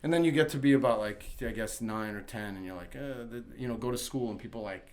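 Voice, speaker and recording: This podcast guest from New York City talks fast in a mid-range, darkish voice. Chatting casually, he tells winding stories full of restarts and laughs while acting out the things people said.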